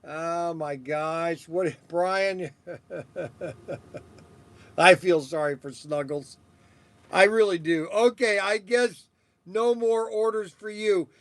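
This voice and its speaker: High-voiced man, slow, rambling chatter. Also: fairly even intonation. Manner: rambling, halting, with frequent chuckles. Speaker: host of a toy shop stream. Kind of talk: casual rambling live chat.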